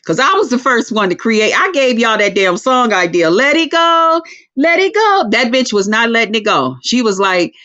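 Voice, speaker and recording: A woman hosting a casual livestream chat, telling stories in a profane, animated way. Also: a little high, moderate pace, few pauses. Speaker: livestream host. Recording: lo-fi dull sound.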